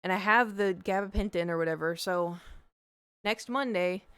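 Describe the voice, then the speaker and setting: A woman's voice: mid-range voice, normal speed, a bit bright, clear, resonant tone, no room sound, clean studio sound. A young woman, chatting casually as a streamer and telling a story with lots of quoted dialogue.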